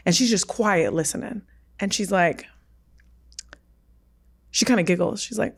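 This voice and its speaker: A woman's voice: medium pitch, a little slow, gravelly, pauses often, breathy edge. Woman in her thirties telling a personal story. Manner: vivid, acts out quoted dialogue. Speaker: podcast guest.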